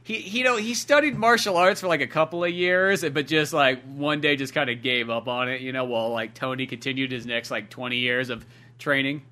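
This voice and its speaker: A man's voice: medium pitch, steady tone, brisk, pushed and bright. A young man co-hosting a podcast, rambling casually with many fillers and swearing about a movie. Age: young adult. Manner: rambling, filler-heavy, profane. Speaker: podcast co-host. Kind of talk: casual movie-review chat.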